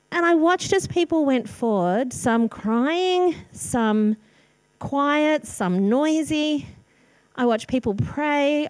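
A woman's voice: a little high, a little mellow, no room sound. A middle-aged woman giving a candid, storytelling sermon testimony with self-deprecating humour. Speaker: speaker sharing testimony.

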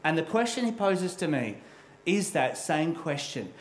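A man's voice: fairly high pitch, big pitch swings, a little slow, roomy sound, poor audio. A middle-aged man preaching a sermon as a pastor, telling a personal story in a candid, self-deprecating way.

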